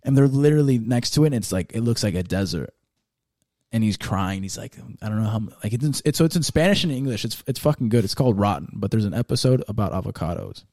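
A man in casual chat, swearing often and getting excited as he recommends documentaries, slipping into Spanish now and then. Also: fairly low pitch, quick pace, dry recording, clean studio sound.

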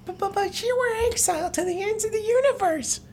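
A man voicing a scared young male toad pilot from a comic, in a squeaky, panicked voice. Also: brisk, gravelly, a little hiss or hum.

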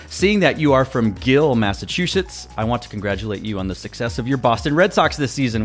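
A man's voice: mid-range voice, animated, quick pace, few pauses, soft background music. A man hosting a podcast in casual interview chat, teasing and joking with his guest. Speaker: podcast host.

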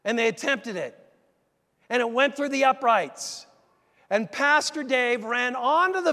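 A middle-aged man preaching a sermon, telling a story in a lively, conversational way and speaking straight to the congregation. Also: very high-pitched, unhurried. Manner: animated, conversational, addresses the congregation directly. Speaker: pastor. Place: large church. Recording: echoey church hall.

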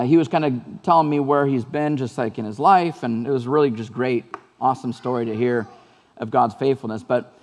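Male pastor, slightly high voice, earnest conversational sermon with repeated phrases, long hall reverb.

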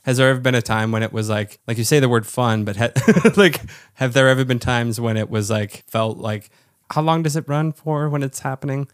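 A man's voice: medium pitch, clear, resonant tone. A man hosting a podcast, chatting casually with a guest, restarting his sentences and laughing. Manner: halting, restarts and laughs, playful. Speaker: podcast host. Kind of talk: casual interview chat.

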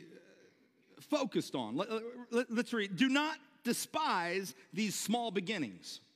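A man preaching a sermon to his church, animated, repeating words and shouting when excited. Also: very high voice, long reverb tail. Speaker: pastor. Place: church sanctuary.

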